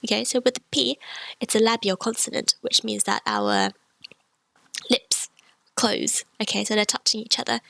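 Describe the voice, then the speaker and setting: A woman's voice: fairly high pitch, very animated, moderate pace, creaky, pushed and bright, dry recording. A woman teaching a beginner Cantonese pronunciation lesson, explaining patiently step by step. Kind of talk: language lesson.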